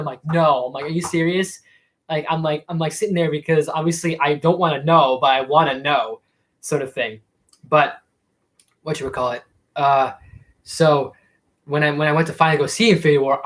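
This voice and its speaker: A young man talks casually to viewers on a live stream. His voice sits a little high for a man. He rambles, circles back and fills gaps with ums and restarts. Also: pushed and bright, low-quality recording. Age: young adult. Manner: rambling, full of fillers and restarts. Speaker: YouTube streamer.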